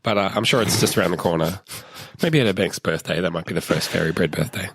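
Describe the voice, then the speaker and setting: A man's voice: deep voice, fast, creaky, slightly rough, no echo. A man hosting a podcast in casual chat, joking and recovering from an illness. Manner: joking, puts on his daughter's voice in quotes. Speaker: podcast host.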